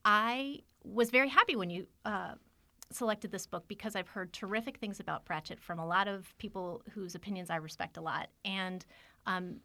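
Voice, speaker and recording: A woman's voice: medium pitch, normal speed, pushed and bright, dry recording. A woman co-hosting a casual book discussion, chatty and self-deprecating, laughing often. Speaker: podcast co-host.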